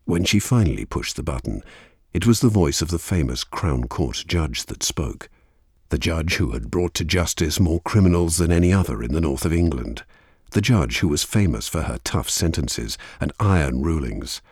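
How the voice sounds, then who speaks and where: Brief: male narrator, very low husky voice, lively measured storytelling delivery. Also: no echo, studio quality. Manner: measured, expressive reading.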